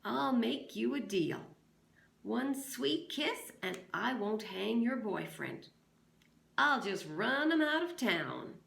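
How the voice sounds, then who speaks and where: A woman voicing a drunk, lecherous small-town sheriff who speaks in a slow drawl, read aloud in an echoey room. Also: fairly high pitch, very animated, vocal fry, a bit bright, voice pushed up, exaggerated voice. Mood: leering drawl.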